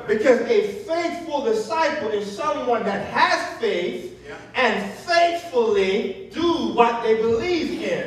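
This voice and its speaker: A man preaching a sermon in a church, lively and animated, calling out for the congregation to fill in the words. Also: very high-pitched, takes it slowly. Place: church sanctuary. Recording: echoey church from a distant mic.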